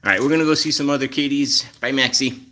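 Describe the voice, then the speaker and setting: A man's voice: on the high side, rapid-fire, fairly bright tone. A man hosting a casual live stream about his rescue cats, rambling with lots of fillers as he answers viewer comments. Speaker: cat channel host.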